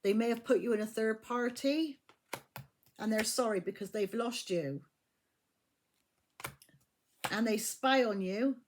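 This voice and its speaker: A woman's voice: medium pitch, slight background noise. A woman giving a casual tarot reading, blunt and profane, often repeating her phrases. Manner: blunt, swears freely, repeats herself. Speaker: tarot reader.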